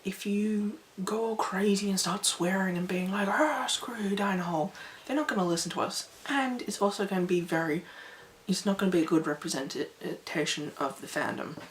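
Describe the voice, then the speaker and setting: A woman vlogging to her viewers in a chatty, rambling, animated way. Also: lowish voice. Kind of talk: casual talk to camera. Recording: echoey room, faint background noise.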